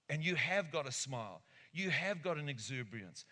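A male pastor preaching a lively sermon, acting out little conversations and laughing often. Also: fairly high pitch, normal speed, few pauses. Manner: animated, acts out voices, laughs often. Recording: echoey hall.

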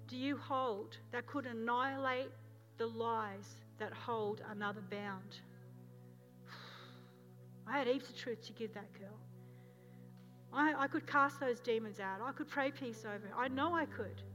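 A woman's voice: a little high, unhurried, soft background music. Australian woman pastor preaching with passion. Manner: storytelling, swings from loud urgency to hushed intensity. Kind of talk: sermon.

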